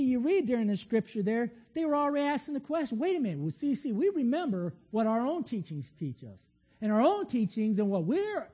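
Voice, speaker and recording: A man's voice: high voice, mellow, slightly rough, long reverb tail. A man preaching a sermon in a conversational, storytelling way with frequent restarts.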